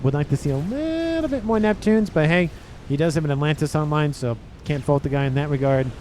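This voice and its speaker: A man casting a real-time strategy match, excitable and talking straight to the players. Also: on the high side, fairly quick, a little hiss or hum. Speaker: game caster. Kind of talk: strategy game commentary.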